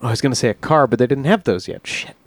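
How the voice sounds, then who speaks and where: A man's voice: mid-range voice, fast, dry recording, studio quality. A man co-hosting a podcast from the United States, tossing in wry, jokey asides in casual banter. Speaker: podcast co-host.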